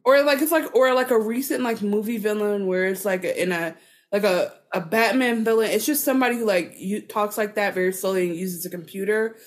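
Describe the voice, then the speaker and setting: A woman's voice: mid-range voice, a little fast. A woman co-hosting a podcast, chatting casually in a rambling, profane way full of filler words. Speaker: podcast co-host. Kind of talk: casual chat.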